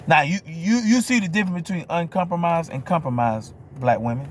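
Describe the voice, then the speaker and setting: Talking briskly with hardly any pauses, a New Orleans man with a high-leaning voice and a local accent rants to camera. The vlogger's monologue is blunt and profane, and he keeps asking "you hear me?"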